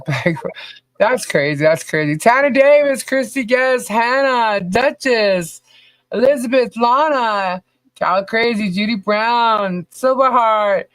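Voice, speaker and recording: Woman co-host of a podcast livestream: loose, joking, slow-paced, dry recording, calls out viewers by name. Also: medium pitch, no room sound. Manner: laughs often, loose and joking; reads out viewer names one by one. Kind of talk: casual livestream chat greeting viewers.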